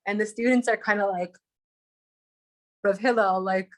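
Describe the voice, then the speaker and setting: A woman's voice: medium pitch, steady tone, normal speed. A woman teaching on a live video call, telling a story in an enthusiastic, chatty way. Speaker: Torah teacher.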